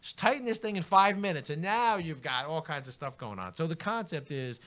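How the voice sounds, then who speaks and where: A middle-aged book author, appearing as a radio guest, tells stories about his work in an interview. His voice is on the high side and a little fast, and he animatedly acts out the quoted dialogue.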